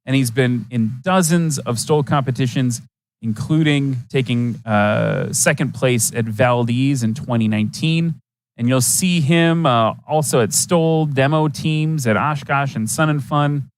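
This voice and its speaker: A man from Wisconsin calls a live flying event in a chatty, upbeat commentator style, tossing in folksy asides as he goes. His voice sits at an ordinary middle pitch, and the sound is dry and close, with little room around it. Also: measured pace, no room sound.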